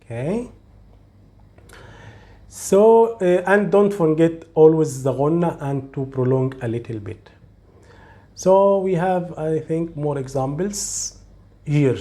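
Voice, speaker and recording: Slow, patient male teacher. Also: on the high side, mellow. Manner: slow, patient, demonstrates sounds and repeats them. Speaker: Arabic teacher. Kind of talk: slow, step-by-step recitation lesson.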